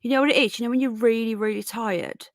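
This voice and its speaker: A woman's voice: on the high side, steady tone, fast talker, dry recording, studio quality. A tired, yawning woman hosting a casual live stream, chatting and greeting viewers by name as darling and sweetheart. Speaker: livestream host.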